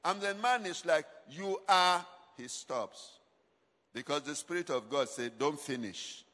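His pitch is fairly high, with lively intonation, a measured pace and a bright, forceful tone. He's delivering a sermon with call-and-response lines the congregation completes, shifting volume emphatically, and a long hall reverb surrounds him.

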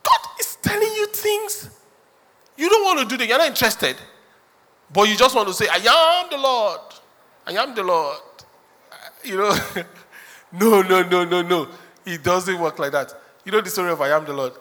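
A pastor preaching to his church in a high, bright voice. He jokes, acts out little dialogues and laughs often. The sound carries a long reverb from a large hall. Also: expressive, moderate pace, long pauses. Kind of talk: sermon.

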